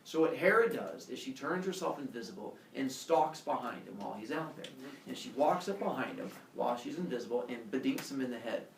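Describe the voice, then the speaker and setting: A man, a teacher, telling a myth to a class in a playful, lively way with sound effects. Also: medium pitch, a little fast, gravelly, a little hiss or hum. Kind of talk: animated storytelling to a class. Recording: echoey room, mic far off.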